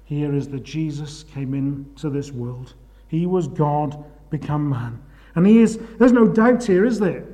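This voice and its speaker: A man preaching a sermon, swinging from loud urgent questions to hushed, slow phrases. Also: high voice.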